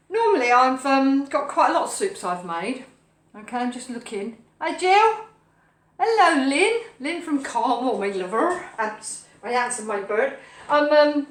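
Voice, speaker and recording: A woman with a fairly high voice hosts a home cooking stream, rambling cheerfully and greeting viewers by name. Food sizzles in the pan behind her. The kitchen sounds roomy and echoey, with a faint hiss underneath. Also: a bit bright. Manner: chatty, playful, rambling, talks to viewers and dogs. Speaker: cooking show host. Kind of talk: casual live-stream cooking chat. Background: frying and sizzling food.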